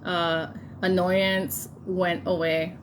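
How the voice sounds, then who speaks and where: A woman in her thirties casually telling a personal story, laughing often and getting animated when she quotes people. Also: fairly low pitch, extremely slow, a little hiss or hum. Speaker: vlogger telling a birth story.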